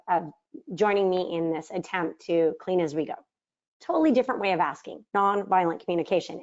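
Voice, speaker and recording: A woman's voice: lowish voice, a little mellow. Middle-aged woman, casual teaching talk, rhetorical questions, slightly dull lo-fi audio. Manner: conversational, asks the audience rhetorical questions, acts out quoted arguments. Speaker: mindset trainer leading a book study course.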